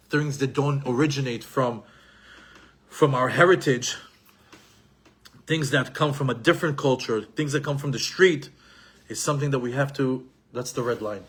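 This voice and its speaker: A middle-aged man giving an animated Torah lesson, repeating himself and mixing in Hebrew terms. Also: mid-range voice, slightly rough. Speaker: Torah teacher.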